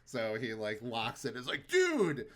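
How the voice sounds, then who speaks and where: A man's voice: mid-range voice, moderate pace, a bit bright. Young male podcast co-host, laid-back and chatty. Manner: laid-back, quotes cartoon lines in funny voices. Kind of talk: casual chat.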